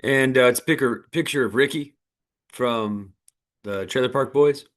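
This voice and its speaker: A man's voice: mid-range voice, moderate pace. Dry-witted man on a podcast. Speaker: podcast co-host. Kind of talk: casual podcast chat.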